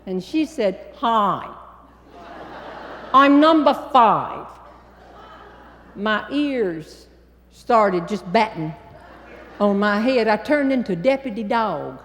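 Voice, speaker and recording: A woman with a Southern American accent, a humorist telling a story to a live audience, with a folksy, drawn-out delivery and deliberate pauses. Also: medium pitch, expressive. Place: large hall before a live audience. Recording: long reverb in a large hall.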